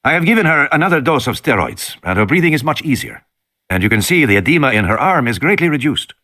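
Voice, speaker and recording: A man's voice: mid-range voice, big pitch swings, quick pace, bright, forceful tone, voice pushed up. A man voicing a formal, careful male doctor. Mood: measured. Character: calm male Costa Rican doctor, formal.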